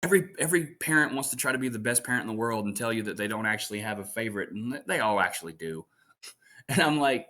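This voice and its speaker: A man in his thirties, a voice actor guesting on an interview, telling family stories in an animated, chatty way. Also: lowish voice, fast. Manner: animated storyteller. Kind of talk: casual interview chat.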